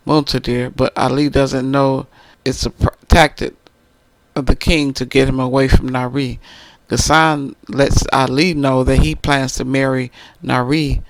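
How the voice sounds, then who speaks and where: A man's voice: medium pitch, vocal fry, no room sound, rough recording. A man casually recapping a novel's plot, rambling and often stopping to correct names. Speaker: book reviewer.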